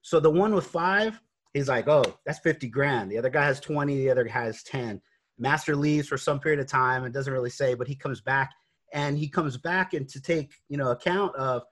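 A man's voice: on the high side, normal speed, breathy edge. A man speaking as an interview guest, earnest and faith-driven, telling his story with many fillers and restarts. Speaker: guest, real estate investor.

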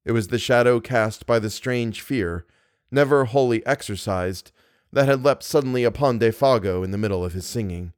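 A man reading a horror story aloud in a measured, grave way. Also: medium pitch, no room sound, clean studio sound. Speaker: podcast narrator. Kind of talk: scripted narration of a horror story.

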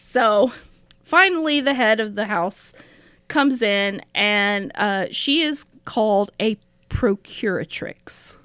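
Lively woman telling a story. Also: medium pitch, slow pace, clean tone, no room sound, clean studio sound. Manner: animated storytelling, laughs often. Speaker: podcast co-host. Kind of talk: casual chat, retelling and reading a diary entry.

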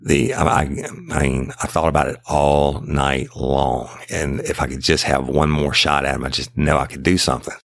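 A man's voice: very deep voice, fairly even intonation, moderate pace, vocal fry, hardly any pauses, a bit bright, no echo, studio quality. A middle-aged man, telling a true-crime story in a rambling, casual way and repeating himself often. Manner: rambling, repeats himself, tags every quote with "I said". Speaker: podcast host and former investigator.

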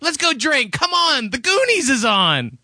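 A man's voice: very high voice, wildly swooping pitch, unhurried. A man co-hosting as a pop music critic, hyper, teasing and goofy in comic banter.

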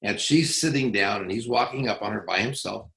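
A middle-aged man working as a police trainer, telling stories in an interview in a blunt, profane, animated way. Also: on the low side, fairly quick, vocal fry, echoey room, rough recording. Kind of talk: casual interview storytelling.

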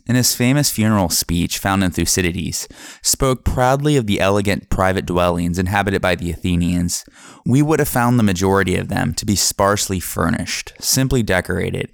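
A man narrating a history podcast from a script, in a measured reading manner. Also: deep voice, creaky, no echo, studio quality.

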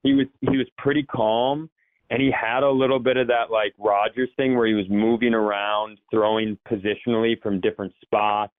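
This sports show guest has a fairly low voice and a flat delivery at a moderate pace, heard over a dry, tinny phone-like connection. His casual football talk wanders, doubles back on itself, and slips into voices of people he's quoting.

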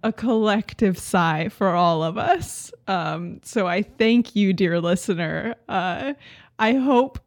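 A woman's voice: medium pitch, takes it slowly, dry recording. A woman co-hosting a podcast in casual chat, giggly and sympathetic. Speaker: podcast co-host.

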